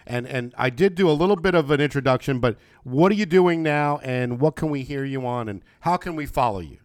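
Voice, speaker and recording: A man with a smooth, resonant voice hosts a casual podcast interview, rambling along in a friendly way with plenty of fillers and restarts. His voice comes across dry and close, with no room around it. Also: medium pitch, expressive, a little fast, no room sound. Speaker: podcast host. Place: home, remote video call.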